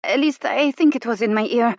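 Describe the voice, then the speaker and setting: A sullen young girl, as a woman reading a storybook puts her on, her voice high and a little tremulous. The reading is close and dry with no room sound. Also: a little fast, vocal fry, darkish tone, no room sound.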